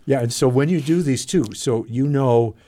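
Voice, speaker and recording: A man's voice: medium pitch, moderate pace, mellow. A man who is a retired veterinarian co-hosting a casual radio interview, chatty and fond of telling stories. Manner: chatty, storytelling, laughs easily.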